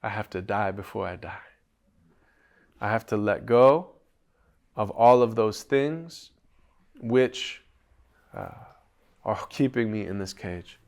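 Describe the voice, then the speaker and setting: A man voicing a caged talking parrot longing for freedom, in a quiet, confessional tone that softens at the ends of phrases. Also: lowish voice, slow, creaky, long pauses. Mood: wistful.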